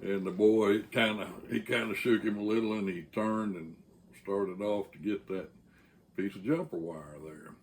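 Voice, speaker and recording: A man with a Texan accent hosting a channel, telling a story casually in a rambling way with frequent "uh" pauses. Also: fairly low pitch, fairly even intonation, a little hiss or hum.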